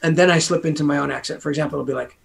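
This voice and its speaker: A man's voice: fairly high pitch, steady tone, racing, gravelly. An American man, a guest author, talking casually in an interview in a rambling way, full of asides. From United States.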